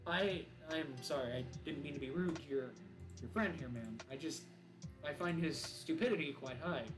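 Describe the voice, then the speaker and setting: A man's voice: fairly high pitch, lively intonation, moderate pace, over music, natural voice. A man voicing a rude, impatient male FBI agent who talks down to people. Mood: brash. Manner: brash and condescending.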